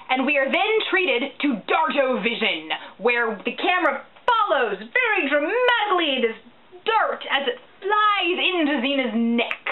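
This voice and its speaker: A woman giving a comic, sarcastic recap of a TV episode, full of wry asides. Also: high voice. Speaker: recap vlogger. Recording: tinny, phone-like sound.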